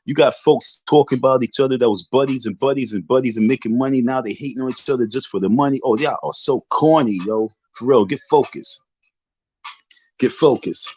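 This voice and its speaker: A tipsy livestream host from Southside Jamaica, Queens, New York, taunts rivals in an unscripted rant packed with slangy street talk. His voice is medium-pitched, a little fast, with a breathy edge, and the stream audio is dull and lo-fi.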